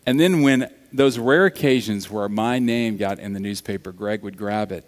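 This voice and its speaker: A man preaching a sermon, telling stories in an animated way that swings from loud to hushed. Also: fairly low pitch, moderate pace, few pauses. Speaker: pastor. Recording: long reverb of a large hall.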